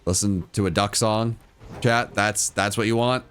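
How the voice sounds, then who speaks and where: A man's voice: on the low side, steady tone, a little slow, fairly bright tone, clear, resonant tone. A man streaming live to his chat, giving casual game commentary and repeating phrases as he goes. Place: home room.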